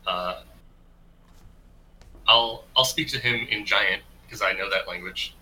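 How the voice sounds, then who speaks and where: A man's voice: lowish voice, takes it slowly, bright, forceful tone, recorded from a distance, slight background noise, poor audio. A man playing a tabletop game, speaking casually and hesitantly. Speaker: player. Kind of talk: tabletop game role-play.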